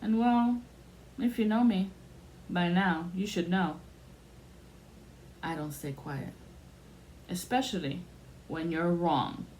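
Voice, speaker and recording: A woman's voice: fairly low pitch, slow pace, pauses often, a little mellow. A woman telling a personal story in a blunt, casual way, acting out the voices of the people she quotes. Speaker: podcast host telling a story. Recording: faint background noise.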